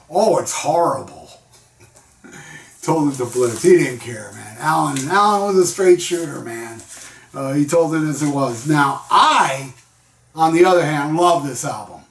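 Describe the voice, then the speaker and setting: A man's voice: mid-range voice, animated, normal speed, reverberant, recorded from a distance. A man giving a casual, rambling album review in a laid-back storytelling manner, full of slang. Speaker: music vlogger.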